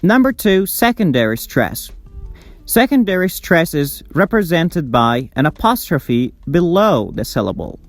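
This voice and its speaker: A man's voice: on the high side, big pitch swings, a little slow, no echo, faint music behind. A man with a Persian accent teaching English pronunciation, repeating words and stressing syllables carefully. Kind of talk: slow, deliberate online lesson.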